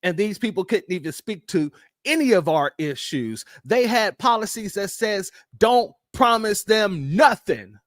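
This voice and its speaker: A man's voice: high-pitched, very animated, normal speed, no room sound, clean studio sound. A man hosting a casual political commentary show, emphatic and talking straight to his viewers as family.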